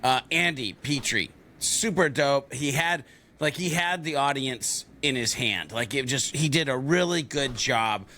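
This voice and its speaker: A man's voice: mid-range voice, measured pace, sharp tone, a little hiss or hum. A man co-hosting a podcast, chatting casually and enthusiastically with plenty of slang. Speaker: podcast co-host. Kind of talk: casual chat.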